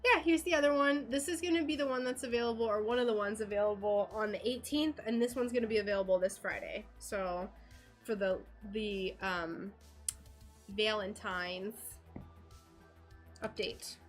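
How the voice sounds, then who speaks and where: A woman's voice: medium pitch, normal speed, soft background music. A woman chatting casually on a livestream while she crafts stained glass in her home workshop. She laughs often and talks to herself as she works.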